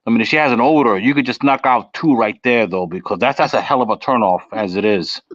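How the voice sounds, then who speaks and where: A man's voice: mid-range voice, fast, fairly bright tone, no echo, muffled recording. A man as a guest on a casual live chat, talking in a laid-back way and trailing off at the ends of sentences. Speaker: panel guest.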